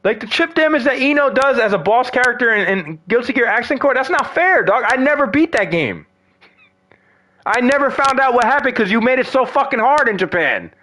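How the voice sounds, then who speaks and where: A man's voice: very high voice, big pitch swings, fairly quick, sharp tone. A man ranting in a casual, profane monologue about fighting games, exasperated and slangy. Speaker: gaming vlogger.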